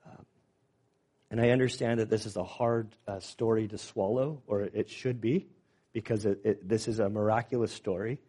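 Pastor, male, mellow lower voice, halting sermon delivery with fillers. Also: steady tone. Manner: halting, many fillers and repeated words.

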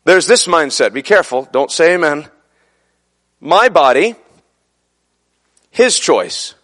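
A man preaching a fervent sermon, building to shouted peaks. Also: a little high, big pitch swings, slow. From son of a Brooklyn man.

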